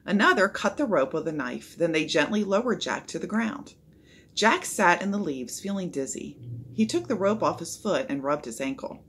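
A woman reading a children's chapter book aloud, expressive and voicing the characters. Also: on the low side, moderate pace, slight background noise. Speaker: storybook reader.

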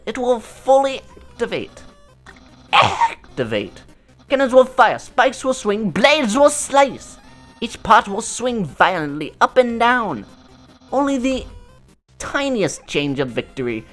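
A gamer voicing a loud, boastful male skeleton puzzle-maker in a let's play, with a theatrical, booming delivery. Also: big pitch swings, takes it slowly, faint music behind.

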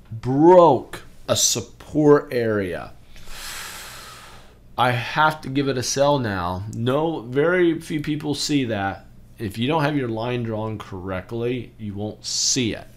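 A man in his forties hosting a trading channel, talking casually through stock charts and getting excitable over big moves. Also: mid-range voice. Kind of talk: casual chart walkthrough commentary.

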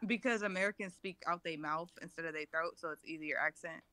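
A woman's voice: deep voice, fast talker, pushed and bright. Woman podcaster with teasing interjections. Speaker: podcast co-host. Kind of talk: casual group chat.

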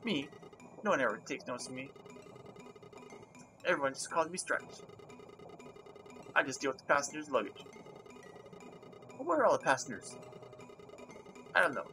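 A timid walking head from a video game , voiced by a reader, apologizes often and speaks meekly. The voice sits at a middle pitch. Game music plays underneath it. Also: big pitch swings, moderate pace, pauses often, pushed and bright. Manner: meek and apologetic.

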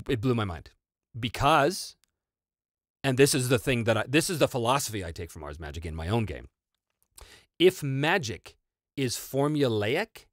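Animated low-voiced man chatting casually. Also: dry recording, studio quality. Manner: animated, rambling, many fillers and restarts. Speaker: solo tabletop RPG channel host answering viewer questions. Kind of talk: casual chat.

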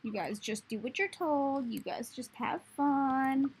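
High-pitched woman cooing over a game. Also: a little slow, husky. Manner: coos baby talk at the game creatures. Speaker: gaming video host. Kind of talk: casual gameplay commentary.

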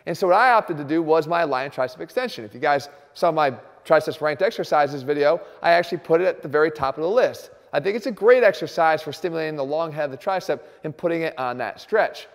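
A man's voice: a little high, expressive, long reverb tail. Emphatic man coaching in a gym. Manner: emphatic and rapid. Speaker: fitness coach. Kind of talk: energetic workout explanation.

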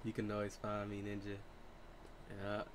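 A man's voice: lowish voice, completely flat delivery, normal speed, background noise. A young man streaming a basketball video game live, talking loosely in slang to his teammates and his chat. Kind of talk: casual live game commentary.

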